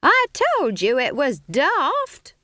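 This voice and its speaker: Woman voicing blunt bawdy old witch, high, yelling, drawn-out, storybook. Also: huge pitch swings, no room sound, full character voice. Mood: shouting.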